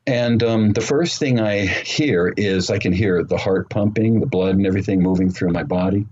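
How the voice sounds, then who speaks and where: An interview guest with a deep, darkish, breathy voice recounts an experience, telling it earnestly and unhurriedly with many fillers. The storytelling interview comes through muffled remote-call audio with faint noise.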